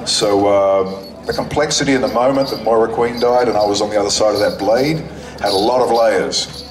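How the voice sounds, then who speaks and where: A man's voice: lowish voice, normal speed. A male actor on stage at a convention, telling stories to the audience in long, reflective sentences with restarts. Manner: thoughtful, speaks in long winding sentences with restarts. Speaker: actor guest at a convention panel. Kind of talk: reflective storytelling to a live audience. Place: stage at an outdoor convention in the sun. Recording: echoey, distant, with crowd noise. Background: crowd of fans.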